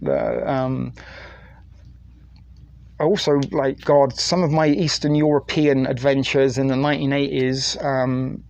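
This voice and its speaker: A man's voice: medium pitch, darkish tone. A middle-aged British man from the UK hosting a crude, rambling late-night live stream on his phone and reading viewer chat aloud. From United Kingdom.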